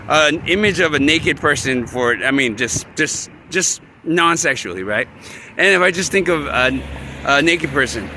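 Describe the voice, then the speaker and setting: A man's voice: a little high, pushed and bright. A man vlogging outdoors at a city bus stop, talking candidly in a rambling way with many fillers and restarts. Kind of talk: rambling personal vlog. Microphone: handheld camera. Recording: outdoor street noise and traffic.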